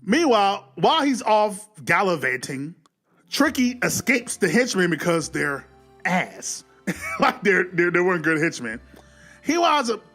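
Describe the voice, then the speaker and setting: A man casually recapping a movie, animated, often acting out the characters' lines. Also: sits high, a little slow, soft background music. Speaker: movie reviewer.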